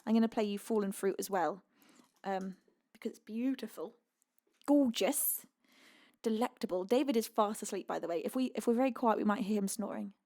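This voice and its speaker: A woman's voice: mid-range voice, brisk, a little mellow. A young woman from the UK, a singer-songwriter hosting a live stream, chatting casually, giggling often and reading out viewers' messages. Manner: chatty and giggly, reads chat aloud.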